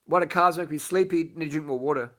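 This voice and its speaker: A man's voice: fairly high pitch, fast, fairly bright tone. A man answering viewers' questions on a casual late-night live stream from his bed, speaking bluntly, swearing freely and repeating his points. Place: lying in bed at home.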